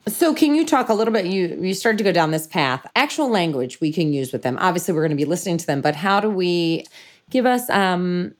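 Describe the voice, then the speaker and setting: Woman host with a low voice. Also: expressive. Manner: halting, searching for words. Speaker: interview host. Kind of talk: interview questions.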